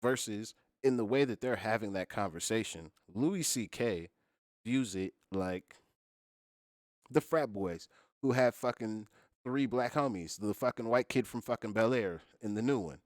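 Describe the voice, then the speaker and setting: A man with a lowish voice, recorded dry and close. He hosts a casual podcast chat and explains his view at length, swearing freely as he goes. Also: measured pace, no echo. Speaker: podcast host.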